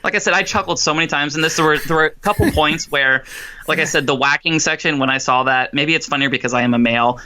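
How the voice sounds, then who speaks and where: Bright-voiced young man, casual. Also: a little high, fast talker. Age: young adult. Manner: thoughtful, hesitant restarts, chuckling. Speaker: podcast co-host, movie reviewer. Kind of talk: casual chat.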